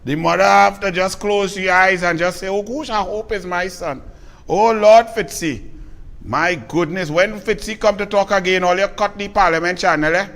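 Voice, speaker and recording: Scathing Trinidadian political commentator. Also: male voice, high-pitched, a bit bright, big-room sound. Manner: scathing, mocking, emphatic.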